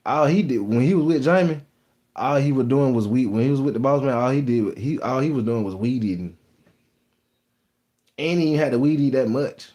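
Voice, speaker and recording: A man's voice: medium pitch, brisk, warm tone. Boastful Texas man on a live stream. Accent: Texas Southern. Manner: boastful, rambling, slangy storytelling. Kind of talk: casual live-stream chat.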